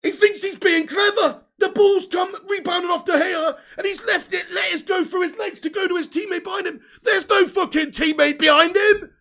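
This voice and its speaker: A man rants through a live football watchalong, swearing and exasperated. His voice sits very high and bright, with a gravelly edge. He shouts a lot. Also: fairly even intonation, moderate pace, few pauses. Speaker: fan reacting to a match.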